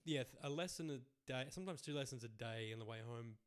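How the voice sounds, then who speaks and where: A man's voice: medium pitch, fast, clean tone. A man hosting a comedy podcast, chatty and easygoing, laughing often as he tells his own stories. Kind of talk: casual podcast chat.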